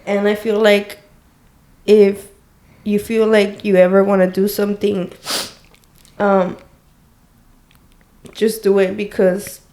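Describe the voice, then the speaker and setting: A woman guest on a podcast talks softly and reflectively about what matters. Her tone is emotional and sincere. Her pitch sits in an ordinary middle range for a woman. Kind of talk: heartfelt casual chat.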